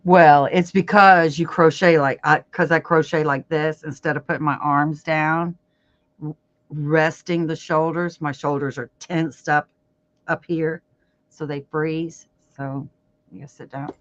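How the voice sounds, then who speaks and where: A woman's voice: sits low, steady tone, a little slow, no echo. Outspoken woman crochet streamer. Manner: chatty, outspoken, laughs often. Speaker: crochet livestream host. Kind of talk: casual chat while crocheting. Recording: dull lo-fi livestream audio.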